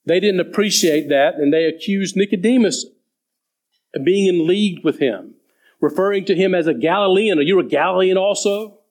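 Fairly high-voiced male preacher. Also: rough recording. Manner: slows down and reads scripture deliberately. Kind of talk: sermon.

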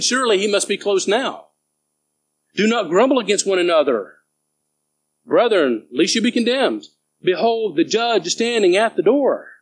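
Man, pastor, sermon, high voice, earnest and urging, faint hum behind. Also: rough recording. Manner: earnest, urging, reads scripture aloud.

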